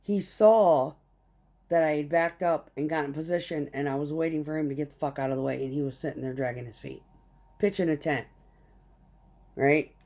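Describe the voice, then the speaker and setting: A woman's voice: deep voice, mellow. A fired-up woman, profane and clipped. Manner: profane, heated, retells events in quick clipped phrases. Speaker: truck driver recounting a work conflict. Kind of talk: casual storytelling rant.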